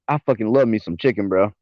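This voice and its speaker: A man's voice: fairly low pitch, dry recording, lo-fi sound. A man with a Southern US accent, chatting casually and profanely on a livestream, laughing often. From American South. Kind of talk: casual chat.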